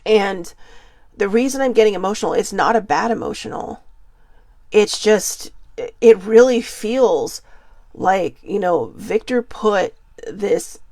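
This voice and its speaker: A woman's voice: medium pitch, a little mellow, dry recording. A woman in her forties hosting a podcast, talking earnestly and rambling with many fillers and restarts. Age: 40s. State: getting emotional. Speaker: podcast host. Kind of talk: casual personal monologue.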